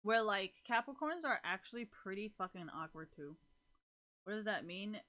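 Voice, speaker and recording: Woman, bright tense voice, casual streamer chat, rambling, swearing, lots of fillers. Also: mid-range voice, expressive, moderate pace. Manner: rambling, swears freely, many fillers, laughs often. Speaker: live streamer chatting with viewers.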